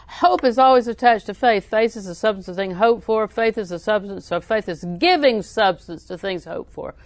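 A woman's voice: medium pitch, moderate pace, hardly any pauses, dry recording. A woman preaching a sermon, telling folksy stories with frequent laughs and repeating scripture lines for emphasis.

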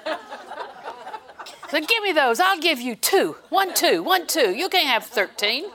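A middle-aged woman preaching a sermon in an animated way, acting out little scenes and laughing. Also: high-pitched, unhurried.

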